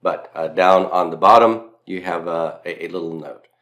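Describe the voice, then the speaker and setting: A man's voice: low voice, normal speed, fairly bright tone. A man from Mississippi with a Southern accent, giving a recorded grammar lecture as a teacher, stressing and repeating key points with self-deprecating asides. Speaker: Latin teacher.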